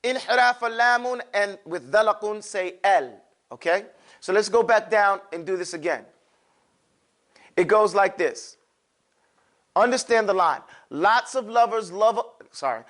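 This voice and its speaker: A man's voice: high-pitched, expressive, unhurried, long pauses, fairly bright tone. A man teaching a classroom lesson, drawing out sounds for students to repeat and adding playful asides. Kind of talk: classroom lesson with call-and-response drills.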